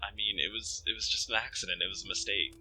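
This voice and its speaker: A man's voice: lowish voice, fast talker, bright, forceful tone, husky, pitched above the performer's own voice, exaggerated voice, rough recording. A man voicing an awkward, nervous young male mage in a visual novel, stammering and flustered.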